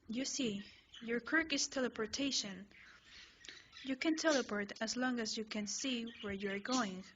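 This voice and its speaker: A woman reads a second-person fanfiction story aloud in a plain, slightly stumbling way. Her voice sits a little high. The sound is slightly muffled, with a faint hiss from a home recording. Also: fairly bright tone. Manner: plain reading with small stumbles. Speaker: fanfiction reader.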